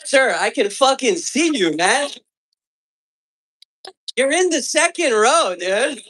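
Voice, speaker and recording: A man's voice: very high voice, expressive, takes it slowly, sharp tone. A man on a comedy club stage performing a stand-up set, telling stories in a profane, exasperated way.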